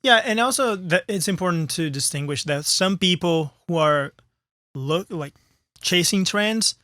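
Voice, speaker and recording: A man co-hosting a music podcast in casual chat, agreeable and quick to chime in. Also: sits high, animated, pushed and bright, no echo, clean studio sound. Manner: agreeable, lots of short backchannel agreement. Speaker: podcast co-host.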